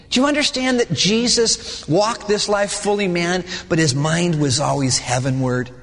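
In a large hall, a male pastor preaches a sermon in a high-pitched voice. He is dramatic and animated, acting out the voices of the people in his story.

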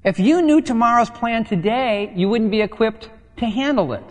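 A man's voice: high voice, animated, moderate pace. A male pastor preaching a sermon in a conversational, playful way, acting out bits of dialogue. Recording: long hall reverb.

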